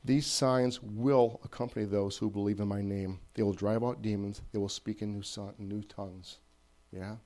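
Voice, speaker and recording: Male preacher, warm low-key tone, chatty sermon with repeated emphatic lines. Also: fairly even intonation, normal speed. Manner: conversational, repetitive emphatic phrasing, checks in with listeners. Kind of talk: informal sermon.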